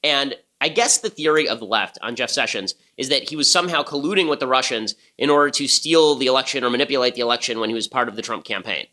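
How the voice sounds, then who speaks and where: A man talking at a rapid clip with a bright, sharp tone, like a host firing off opinions on his podcast. His delivery is punchy and sarcastic. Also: medium pitch. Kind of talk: political commentary.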